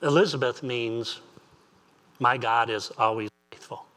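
A man's voice: medium pitch, measured pace, bright, forceful tone. A man preaching an earnest sermon as pastor, repeating phrases and asking rising questions.

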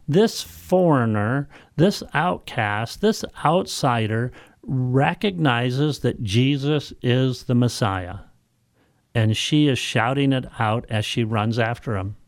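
A male pastor, preaching a sermon in measured, emphatic phrases full of rhetorical questions. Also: medium pitch, lively intonation, dry recording, clean studio sound.

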